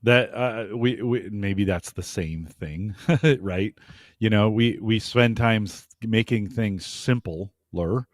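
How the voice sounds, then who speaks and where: Man, lowish voice, dry sound, podcast host, reflective, self-questioning. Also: slow, dry recording. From United States. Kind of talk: casual chat.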